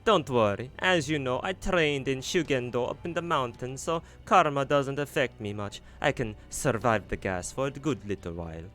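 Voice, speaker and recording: A man's voice: medium pitch, normal speed, hardly any pauses, a bit bright, pitched above the performer's own voice, close to an everyday voice. A man voicing a campy, flamboyant, cheerful man with a put-on Italian accent that drifts toward Russian, reading game dialogue aloud. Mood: teasing.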